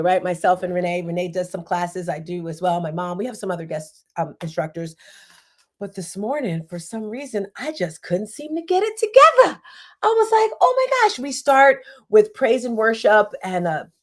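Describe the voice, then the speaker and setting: A woman hosting a motivational livestream, chatty and animated, often asking her viewers "right?" and speaking straight to them. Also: lowish voice, fairly quick. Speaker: livestream host.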